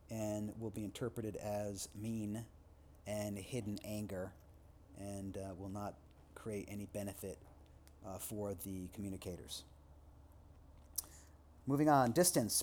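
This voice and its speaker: A man's voice: mid-range voice, warm tone. Man lecturing from a textbook. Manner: reads aloud, then adds loose asides with fillers. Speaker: instructor. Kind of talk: recorded lecture reading from a textbook.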